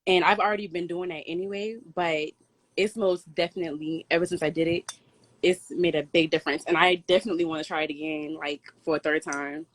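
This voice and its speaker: A young woman chatting casually about a personal experience, relaxed and full of "like". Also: low voice, brisk. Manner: relaxed, filler-heavy, says "like" a lot. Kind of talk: casual chat.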